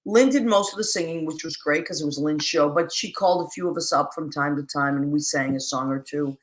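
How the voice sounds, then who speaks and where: Streaming live from her home in New York, a woman hosts a talk show, chatting casually and warmly greeting viewers by name with endearments. Her low-pitched voice moves briskly as she rambles through plenty of fillers and restarts.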